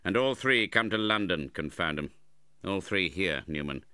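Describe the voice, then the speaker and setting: A man's voice: low voice, expressive, normal speed, pushed and bright, clear, resonant tone, no room sound, clean studio sound. A man reading the part of a cold, hard-hearted middle-aged moneylender in an audiobook, speaking curtly and sternly. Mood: grudging. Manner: curt and stern.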